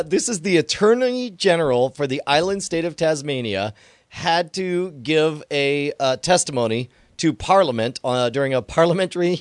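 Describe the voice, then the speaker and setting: A man's voice: fairly high pitch, no room sound, clean studio sound. A man hosting a casual comedic news chat, laughing often and stumbling through his lines as he reads out quotes. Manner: giggly, halting, reads quotes aloud with laughs. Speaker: podcast host.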